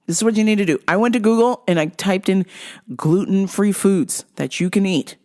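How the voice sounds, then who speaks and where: A woman's voice: medium pitch, a little fast, mellow. A woman hosting a podcast, telling retail customer stories with blunt, sarcastic, constantly swearing comedy. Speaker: podcast host. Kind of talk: profane comedic storytelling.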